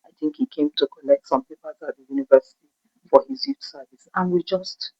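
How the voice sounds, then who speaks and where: A Nigerian woman tells a personal story in a lively, expressive way. Her voice is fairly low and is heard dry and a little muffled, with no room sound. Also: brisk, no echo. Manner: animated storytelling, acting out the voices of others. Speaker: vlogger. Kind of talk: storytime narration. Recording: dull, dry recording.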